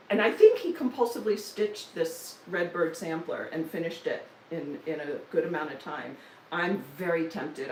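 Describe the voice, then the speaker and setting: A woman's voice: lowish voice, reverberant, far from the mic, slight background noise, rough recording. A woman, chatting casually on a live stream about her stitching projects, with joking asides and self-deprecating humor. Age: 60s. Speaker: stitching vlogger.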